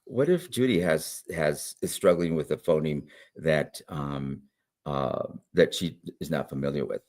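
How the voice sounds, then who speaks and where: A man in a conversational interview, explaining teaching methods with animated emphasis and frequent "right?" check-ins. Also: extremely low pitch, a little slow. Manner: animated, demonstrates sounds, frequent "right?" and "all right?". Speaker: guest literacy educator.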